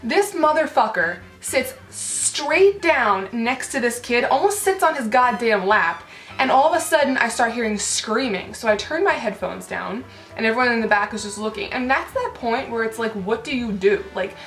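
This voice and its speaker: A woman's voice: on the high side, lively intonation, moderate pace, a bit bright. Indignant woman ranting through a story. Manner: indignant, filler-heavy, swearing. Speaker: vlogger. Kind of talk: storytime rant. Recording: roomy echo with faint music.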